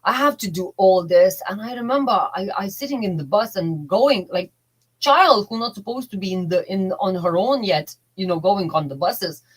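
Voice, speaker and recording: A middle-aged woman who works as a relationship coach, telling a personal story in a heartfelt, halting way with broken grammar. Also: mid-range voice, animated, breathy edge, rough recording.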